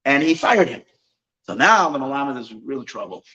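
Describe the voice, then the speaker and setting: Brief: rabbi storyteller, man, bright and lively delivery, restarts often, sprinkles in Yiddish. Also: mid-range voice, normal speed, muffled recording. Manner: animated, full of restarts, mixes in Yiddish phrases. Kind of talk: Chassidic storytelling at an evening gathering.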